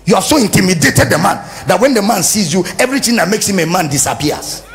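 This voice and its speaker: Lively, gravelly Nigerian preacher. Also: male voice, high-pitched, fast. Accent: Nigerian English. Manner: animated, humorous preaching that acts out little scenes. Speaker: pastor. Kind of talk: sermon. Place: church service.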